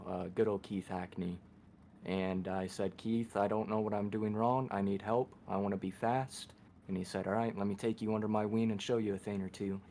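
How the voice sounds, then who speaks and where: Young man, driver in a post-race interview, easygoing and grateful, a bit low, faint noise behind. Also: a little mellow.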